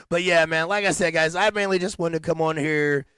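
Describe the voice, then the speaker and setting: A man's voice: a little high, moderate pace, a bit bright, clean tone, dry recording. Slangy, laughing man hosting a podcast. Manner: slangy, laughing, rambling with restarts. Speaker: podcast host. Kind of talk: casual livestream chat.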